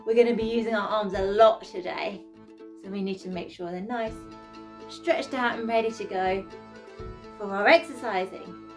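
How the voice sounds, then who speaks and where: With light music in the background, a young woman instructs a kids' exercise class, cheerfully encouraging them as she counts down each exercise. Her voice sits at medium pitch and moves at a moderate pace.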